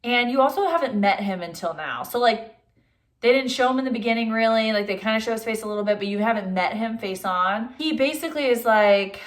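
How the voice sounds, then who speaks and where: A young adult woman casually retelling a film's plot for her channel in a chatty way, with lots of "like" fillers. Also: medium pitch. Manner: chatty, says "like" a lot; acts out characters' lines in quick voices. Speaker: movie reviewer.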